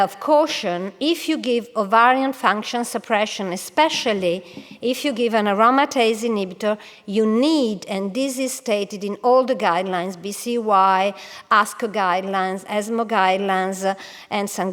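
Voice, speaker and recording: A woman oncologist giving a conference lecture to colleagues, careful and hesitant, with frequent pauses and restarts. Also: mid-range voice, a bit bright. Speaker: oncologist presenting at a medical congress. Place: large congress hall. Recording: long hall reverb.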